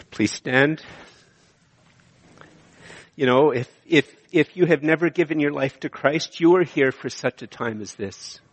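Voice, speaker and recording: A middle-aged pastor preaches with passion, circling back to the same phrases and swinging between near-hushed lines and loud bursts. His voice sits at an ordinary male pitch. A long reverb trails each phrase through the church. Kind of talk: sermon. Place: church sanctuary.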